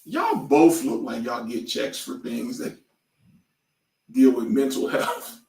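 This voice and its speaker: A man co-hosting a podcast in casual chat, animated and prone to loud outbursts and impressions. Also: mid-range voice, takes it slowly, vocal fry, roomy sound, far from the mic. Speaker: podcast co-host.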